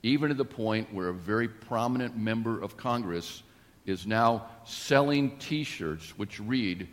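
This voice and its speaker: A man preaching a sermon in a measured, deliberate way, with emphatic rises. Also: on the low side. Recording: long reverb of a church.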